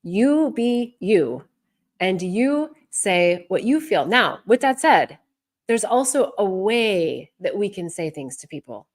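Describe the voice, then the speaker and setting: A woman's voice: mid-range voice, very animated, slow pace. A woman hosting a live advice session as an intuitive advisor, speaking candidly and encouragingly.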